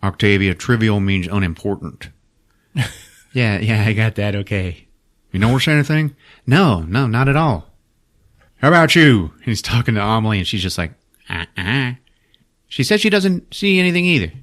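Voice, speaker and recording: Podcast host: a low-voiced man with a swinging pitch, profane and laughing, doing bits of character voices. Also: lively intonation, normal speed, long pauses, fairly bright tone. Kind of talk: casual movie recap.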